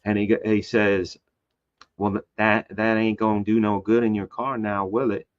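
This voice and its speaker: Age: adult. Sex: man. Style: lively storytelling. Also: moderate pace. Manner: animated, acts out quoted voices with big pitch jumps; loose and rambling with many fillers and restarts. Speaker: guest; comic book artist. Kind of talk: casual storytelling in a conversation. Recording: slightly dull lo-fi sound.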